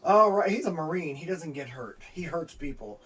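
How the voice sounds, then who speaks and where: Joking male co-host, fairly high voice. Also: animated, normal speed, far from the mic, a crowd in the background. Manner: joking interjections. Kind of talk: casual chat.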